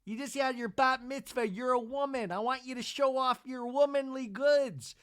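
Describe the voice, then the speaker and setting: A man's voice: very high-pitched, normal speed, a bit bright, voice pushed up. A man voicing a creepy, pushy grown man who leers over a young girl. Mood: leering. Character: leering grown man urging a teen to show off.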